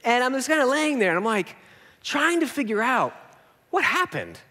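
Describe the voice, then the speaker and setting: Animated man preaching in a reverberant hall. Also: very high voice, normal speed. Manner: animated, self-mocking storyteller acting out quotes. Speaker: pastor. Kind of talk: sermon storytelling. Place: large church auditorium.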